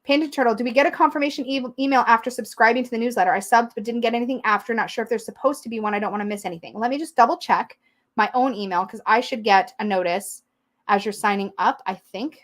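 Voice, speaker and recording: A young woman hosting a casual livestream, chatty and excitable, reading out viewer comments as she goes. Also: fairly high pitch, fast talker. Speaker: tarot livestream host.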